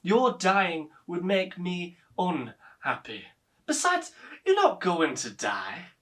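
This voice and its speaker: Young guy as a fussy pedantic son, brightish tense voice, stage monologue. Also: high voice, sing-song, takes it slowly, heavily acted. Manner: dry, pedantic, nervous. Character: fussy, pedantic middle-aged son living with his mother. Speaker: actor playing a grown son.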